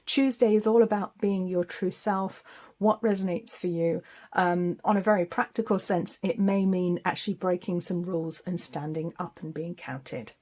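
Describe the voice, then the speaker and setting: A woman's voice: lowish voice, fairly even intonation, moderate pace, few pauses, dark tone. A woman giving a weekly psychic tarot forecast in a chatty, spiritual way, laughing often.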